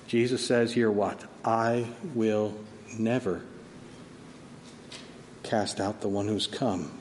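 Male pastor, sermon. Dynamic, unhurried, echoing sanctuary. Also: medium pitch, steady tone, a little hiss or hum. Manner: dynamic preaching, swinging from soft to loud emphasis. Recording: long hall reverb, faint ambience.

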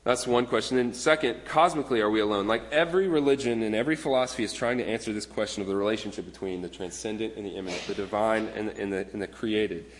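A man's voice: fairly low pitch, fast, few pauses, a little hiss or hum. Man preaching a sermon in a reverberant hall. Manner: earnest, conversational preaching with repeated restarts. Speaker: pastor. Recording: long reverb of a large hall.

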